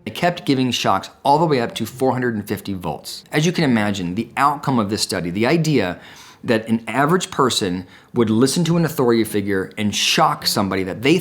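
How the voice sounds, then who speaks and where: A man, a psychologist, explaining a classic study in an educational talk, telling it as a story. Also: mid-range voice. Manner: storytelling, acts out quoted dialogue.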